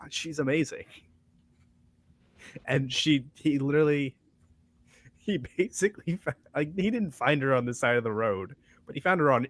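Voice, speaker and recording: A man's voice: mid-range voice, no echo. A man guesting on a casual book discussion over a video call, thinking aloud with many restarts. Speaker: guest reviewer.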